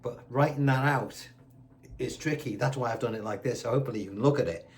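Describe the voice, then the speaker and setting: A man's voice: medium pitch, quick pace. A man teaching a guitar lesson, chatty and reassuring, counting beats aloud as he plays. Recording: guitar playing loudly behind the voice.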